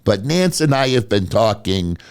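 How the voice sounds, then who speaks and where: A man doing a gushing, slow-talking senator. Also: lowish voice, very animated, vocal fry, a little mellow, clear, resonant tone, no echo, clean studio sound. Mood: mock-sincere. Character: male senator giving a gushing compliment.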